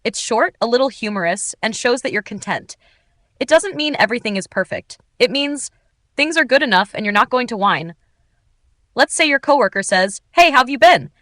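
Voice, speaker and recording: Woman, English lesson narration, bright tone, very lively pitch, dry close mic. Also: moderate pace, dry recording. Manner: upbeat, clearly articulated, expressive. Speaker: English teacher.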